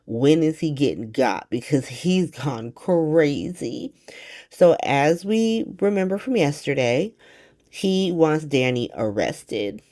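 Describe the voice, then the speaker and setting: Woman, casual soap recap vlog, slangy, profane, animated, low voice. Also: takes it slowly.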